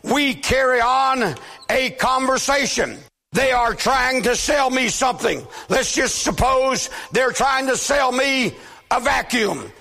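A married man preaching a sermon to a church, often shouting with emphasis. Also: extremely high pitch, slow, creaky. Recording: long reverb of a hall.

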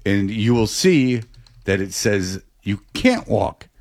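A man's voice: lowish voice, slow, no room sound, studio quality. Rambling man telling a story. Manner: rambling, animated storyteller with frequent restarts. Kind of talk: casual storytelling chat.

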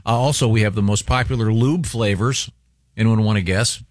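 Low-voiced radio host bantering. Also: male voice, dry recording, clean studio sound. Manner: chatty, reads upcoming news teasers with halting fillers. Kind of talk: casual morning radio banter. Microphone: studio microphone.

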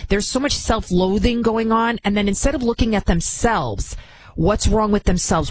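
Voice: mid-range voice, normal speed, breathy edge, rough recording. A commentary show host talking in an indignant, rambling way with many restarts. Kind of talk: opinion commentary.

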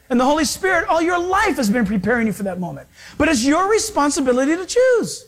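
A man's voice: very high-pitched, big pitch swings, quick pace, few pauses, a bit bright. Emphatic male pastor preaching. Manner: emphatic preaching, repeats key phrases; direct address to listeners. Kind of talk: sermon.

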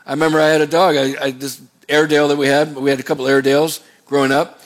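A man's voice: on the high side, flat delivery, very fast. A male pastor preaching a sermon in a folksy, digressive and earnest way. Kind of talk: sermon with scripture reading.

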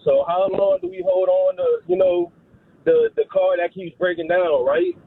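A man's voice: sits high, wildly swooping pitch, moderate pace, vocal fry, breathy edge, dry recording. A man in his thirties calling in to a sports radio show, rambling and hesitant with lots of slang. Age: 30s. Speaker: caller. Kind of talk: phone call-in chat. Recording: dry tinny phone line.

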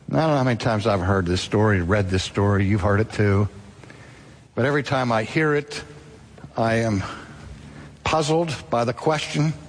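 A man preaching a sermon, telling a story dramatically with sudden rises and drops in pitch. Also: gravelly, big-room sound, a little hiss or hum.

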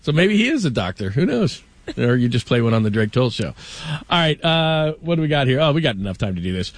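Male sports-talk host, middle-aged, from Los Angeles, animated and emphatic, dry close mic. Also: medium pitch, brisk, dry recording. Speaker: show host.

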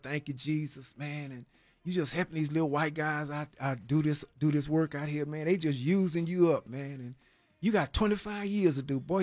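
A man's voice: fairly high pitch, a little mellow, no room sound, natural voice. A man voicing the devil as a scornful tempter who mocks and needles. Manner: taunting, scornful.

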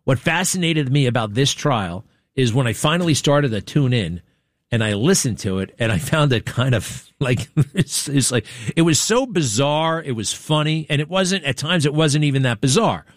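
A man's voice: normal speed, no echo. Rambling talk-show man, dry studio sound. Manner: rambling, animated, with exaggerated pitch swings. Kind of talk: casual talk radio monologue.

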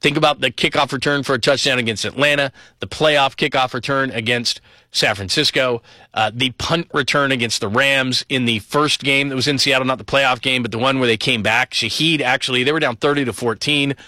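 Bright, dry-sounding male sports talker. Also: no room sound. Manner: fast, enthusiastic rundown of names and stats; animated, pitch rises on key points. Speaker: sports commentator. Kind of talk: solo sports talk commentary.

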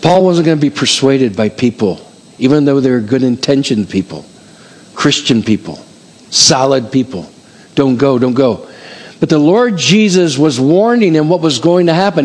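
An older male pastor preaching a sermon in an animated, conversational way, repeating phrases for emphasis. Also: on the high side.

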